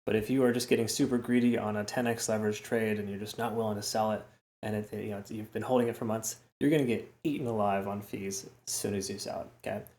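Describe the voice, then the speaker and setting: A man's voice: on the low side, steady tone, quick pace, a little mellow. A man hosting a casual crypto chart analysis, chatty and repetitive, often tagging lines with "okay?" and "right?". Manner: chatty, repeats words, frequent "okay?" and "right?" asides. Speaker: crypto trading host. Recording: roomy echo.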